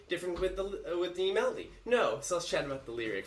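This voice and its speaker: Male musical theatre teacher, animated and unhurried, sings examples; echoey room. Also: high-pitched, recorded from a distance, faint music behind. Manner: animated, breaks into singing lines. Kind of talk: song analysis with sung examples.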